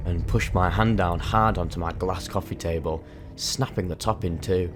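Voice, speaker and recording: A man's voice: sits low, fairly even intonation, moderate pace, slight background noise. A man narrating a harrowing personal experience in vivid, intense, emphatic storytelling. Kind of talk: dramatic first-person storytelling.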